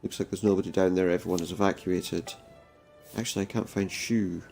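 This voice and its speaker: Low, gravelly man narrating a game. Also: fast, faint music behind. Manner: reads game dialogue aloud in a flat voice, adding dry jokey asides. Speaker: let's play commentator. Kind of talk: casual gameplay commentary.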